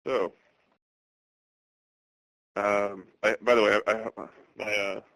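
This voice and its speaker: A man in his thirties from the Boston area presents a webinar. He talks in a steady monotone, full of fillers and restarts. His voice sits low with a bright, forward edge, and the recording is dry and close. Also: dry recording, poor audio. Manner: halting, many fillers and restarts; monotone delivery.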